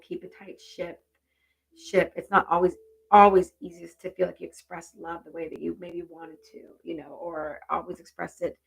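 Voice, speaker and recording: A middle-aged woman working as a medium on a live stream, chatting warmly with many fillers and restarts. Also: lowish voice, gravelly, slightly rough. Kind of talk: live-stream reading and chat.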